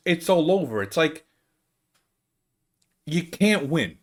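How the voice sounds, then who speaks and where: Animated Brooklyn man ranting. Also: on the high side, moderate pace, long pauses. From United States. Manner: animated, rambling, exasperated. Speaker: comedian podcast host. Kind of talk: casual monologue.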